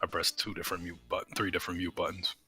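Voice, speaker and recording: He talks very fast in a low, monotone voice that sounds pushed and bright, a young man streaming a game from home through a desk mic. The commentary is chatty and profane, loose and rambling, riddled with fillers and restarts, over faint music.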